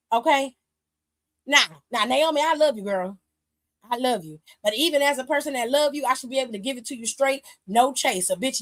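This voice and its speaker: A woman hosting a wrestling aftershow, recapping with sassy, animated and profane storytelling. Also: sits high. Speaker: aftershow host. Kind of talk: casual recap chat. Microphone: streaming mic.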